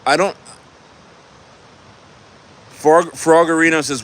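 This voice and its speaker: A man's voice: mid-range voice, unhurried, fairly bright tone. A man from New Jersey hosting a livestream in casual chat, rambling with many restarts. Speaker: livestream host.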